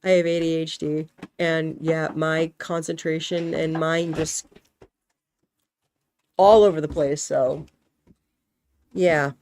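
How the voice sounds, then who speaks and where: A woman's voice: sits low, slow pace, long pauses. Rambling woman telling a story on stream. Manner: rambling, animated storytelling with acted-out quotes. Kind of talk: casual stream chat.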